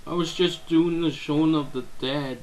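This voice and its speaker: A man's voice: on the high side, steady tone, unhurried, a little hiss or hum, rough recording. A man rambling goofily over a game, drifting off topic and breaking into silly bits of song. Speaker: let's play gamer. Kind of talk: rambling gameplay commentary.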